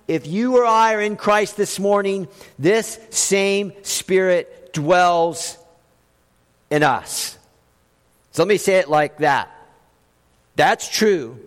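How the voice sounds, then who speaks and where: A man's voice: sits high, in a large hall. A man preaching a sermon as pastor, driving his points home with emphatic rhetorical questions.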